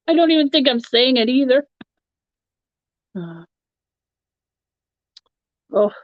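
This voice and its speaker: A woman's voice: high voice, very animated, takes it slowly, long pauses, dry recording. A woman hosting a live stream, chatting casually with her viewers and laughing often as she rambles. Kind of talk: casual chat answering a live chat. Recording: dull, lo-fi, dry sound.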